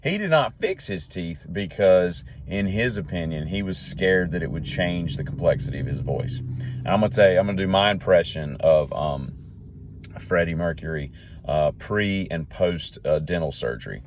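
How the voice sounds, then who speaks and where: A man's voice: low voice, animated, normal speed, background noise. A man hosting a solo talk show, rambling from one joking tangent to the next in a folksy way. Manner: jokey, tangent-jumping, folksy. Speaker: podcast host.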